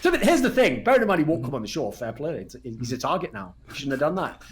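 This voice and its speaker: A man speaking as a guest in a casual podcast chat, blunt and profane, telling animated stories. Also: fairly high pitch, fast, crowd noise. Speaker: podcast guest, retired pro gamer.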